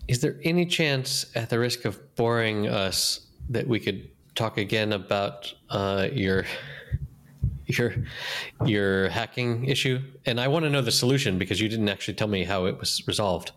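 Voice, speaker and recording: A man's voice: lowish voice, normal speed, fairly bright tone. A man hosting a casual chat, prompting his co-host with jokes and teasing questions. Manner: joking, self-deprecating prompts. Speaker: podcast host.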